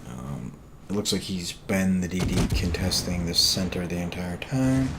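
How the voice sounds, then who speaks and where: A man calmly commentating his own game replay, tired and hesitant with many fillers. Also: low voice, normal speed, background noise. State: tired, yawning. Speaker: gameplay commentator.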